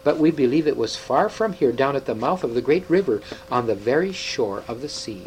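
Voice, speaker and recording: A wise, sorrowful old half-dwarf scholar speaks with grave tenderness, as a male reader puts him on. His voice sits at an ordinary pitch. A faint hum runs behind him. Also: expressive, brisk, darkish tone, natural voice, low-quality recording. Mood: earnest.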